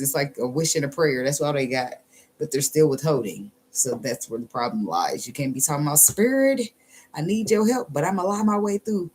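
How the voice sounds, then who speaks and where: A woman's voice: low-pitched, a little mellow, breathy edge. A woman giving a casual tarot reading in a blunt, sassy, profane way, laughing often and drawing out phrases for emphasis. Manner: drawls some phrases slowly for emphasis. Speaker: tarot reader.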